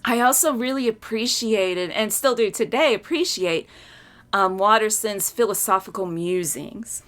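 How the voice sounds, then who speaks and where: Chatty, animated woman reviewing books. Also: mid-range voice, moderate pace. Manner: chatty and openly emotional. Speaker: comic book reviewer. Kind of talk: casual book review.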